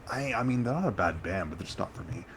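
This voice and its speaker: A middle-aged man co-hosting a podcast, talking in a halting, self-deprecating way in casual chat. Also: low voice, expressive, slight background noise. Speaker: podcast co-host.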